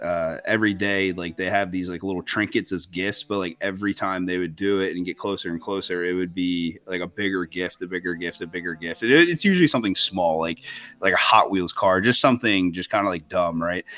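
A man's voice: low voice, a little fast, fairly bright tone. A young adult man co-hosting a podcast, telling a story in a rambling, self-interrupting way, often laughing. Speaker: podcast co-host. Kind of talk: casual chat, storytelling.

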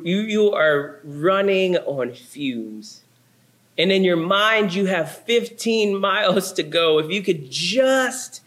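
A man's voice: a little high, fairly bright tone. A young adult man preaching a sermon, telling a story with laughs and sound effects. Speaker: pastor.

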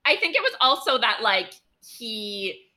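A woman co-hosting a casual podcast, chatty and quick to laugh, often quoting characters. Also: fairly high pitch, sing-song, pushed and bright. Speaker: podcast co-host. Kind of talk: casual chat reviewing a TV show.

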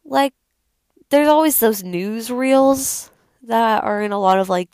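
A woman's voice: a little high, expressive, takes it slowly, a little mellow, clear, resonant tone, no room sound, studio quality. A young woman hosting her own video, talking casually and rambling about a film she loves, with many fillers. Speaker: video host. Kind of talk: casual unscripted film talk.

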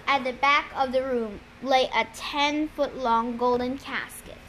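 Woman reading a novel aloud, high voice, slow pace, faint background hiss. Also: a bit bright, rough recording. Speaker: reader. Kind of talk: audiobook-style reading of a novel.

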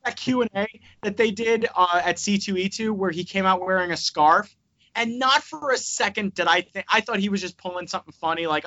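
A man hosts a casual podcast, animated and profane as he rants. His voice is bright and forceful. The sound is a little dull and lo-fi. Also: high voice, a little fast. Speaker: podcast host.

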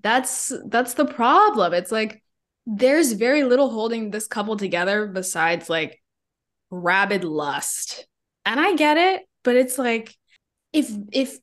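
A woman co-hosting a podcast, recapping a film in casual chat with blunt jokes and frequent laughter. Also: medium pitch. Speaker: podcast co-host.

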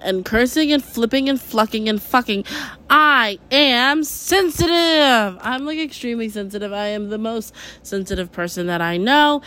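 A woman's voice: fairly high pitch, fairly bright tone. Profane rambling young woman venting. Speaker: podcast host. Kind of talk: casual venting podcast. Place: at home in her kitchen.

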